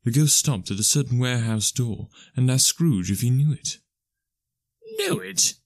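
A man narrates a classic story in a steady, measured way. His voice sits at a middle pitch for a man. The recording is dry and close, with no room echo. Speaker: audiobook narrator.

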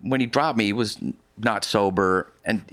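A man with a very low voice tells a long story as an interview guest. His talk is loose and rambling, full of restarts and side remarks. The sound is close and dry, with no room echo. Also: moderate pace, a bit bright. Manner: rambling, with frequent restarts and vivid asides. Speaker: interview guest recounting a polar expedition. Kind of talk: casual storytelling in conversation.

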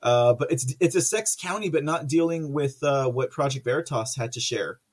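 A man's voice: medium pitch, normal speed, slightly rough. A man hosting a political livestream, chatting casually and rambling through viewer comments with lots of fillers and frequent laughter.

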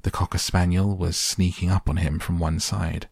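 A man reading a children's book aloud in calm audiobook narration for sleep, slow, soft and even. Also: low voice, gravelly, husky, no room sound, studio quality. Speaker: podcast reader.

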